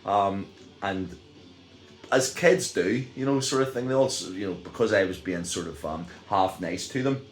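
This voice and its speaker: A man's voice: on the low side, normal speed, faint music behind. A middle-aged man with a Northern Irish accent, telling a story casually to camera with lots of fillers and restarts. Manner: rambling, many fillers and restarts, chuckles while telling. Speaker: vlogger. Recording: echoey room.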